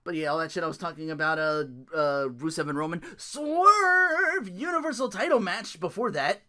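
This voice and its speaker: Male solo podcast host; bright, bouncy delivery, loose and profane rants. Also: sits high, normal speed. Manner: animated, ranting and laughing, swears freely. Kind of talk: solo wrestling recap podcast.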